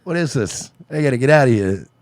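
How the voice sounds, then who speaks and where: A man's voice: medium pitch, lively intonation, fairly quick, a little mellow, dry recording. A man co-hosting a podcast in crude, profane comedic banter. He laughs often and slips into mock voices. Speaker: podcast co-host.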